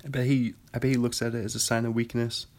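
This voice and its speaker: A man's voice: medium pitch, little pitch movement, fast talker, darkish tone. A young man from Washington state hosting a podcast in a casual, rambling solo chat, often laughing. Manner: rambling, chatty, laughs easily. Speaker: podcast host.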